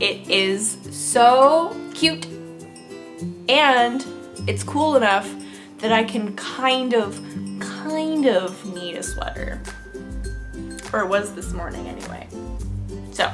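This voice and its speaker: A young adult woman hosting a knitting podcast, chatting casually and bubbly, laughing often. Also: a little high. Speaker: podcast host. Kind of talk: casual chat.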